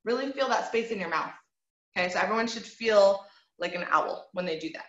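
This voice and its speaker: Over echoey, dull, lo-fi call audio, a woman teaches a group voice lesson online, cheering her students on and showing them sounds like owl hoots and bird calls as she explains. She speaks at medium pitch, expressively and fairly quickly, with a slightly bright tone.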